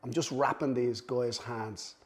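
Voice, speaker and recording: Middle-aged man, mid-pitched, swearing, self-mocking guest storyteller. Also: fairly even intonation, unhurried. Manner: swears freely, self-deprecating, acts out quoted voices. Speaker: guest, cutman. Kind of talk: casual anecdotal storytelling.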